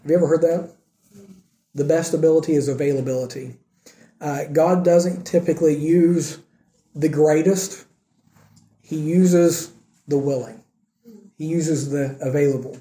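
A man delivers a sermon in an earnest, probing way, often stopping to question his listeners. His voice sits a little high but sounds very dark and mellow. The sound carries the echo of a room. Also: fairly even intonation. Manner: earnest, questions the congregation, slows for emphasis. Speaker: preacher.

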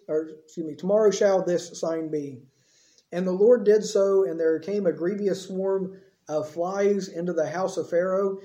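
A man's voice: sits high, mellow, echoey room, dull audio. A man reading scripture aloud and then explaining it in a sermon, in a casual, conversational way. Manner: reads verses, then explains them conversationally with asides. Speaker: preacher.

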